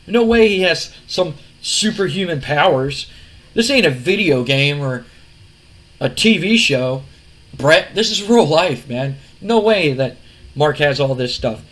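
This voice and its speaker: A man's voice: a little high, fairly bright tone. A man voicing a laid-back male wrestler who casually reassures his brother.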